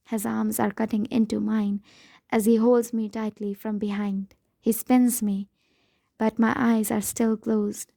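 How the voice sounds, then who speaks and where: A woman's voice: on the high side, flat delivery, unhurried, gravelly, warm tone, no echo. A woman reading a novel aloud in first person, with a dramatic, emotional delivery. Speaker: audiobook narrator. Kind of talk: first-person audiobook narration.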